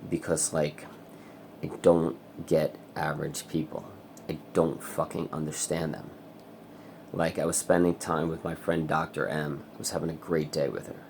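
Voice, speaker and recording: A man's voice: rumbling low, steady tone, moderate pace, gravelly, darkish tone, slight background noise. A man angrily ranting in a personal vlog, swearing a lot. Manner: angry, profane ranting. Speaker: vlogger. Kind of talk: vlog rant.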